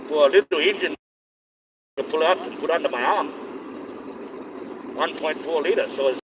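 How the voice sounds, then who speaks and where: A man chats away from behind the wheel in a rambling, opinionated live stream, playing up a put-on accent. His voice sits a little high, and the sound is muffled and lo-fi. Engine hum and road noise run steadily underneath. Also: normal speed. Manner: rambling, opinionated running commentary. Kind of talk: casual live-streamed driving chat. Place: inside a moving car on a highway.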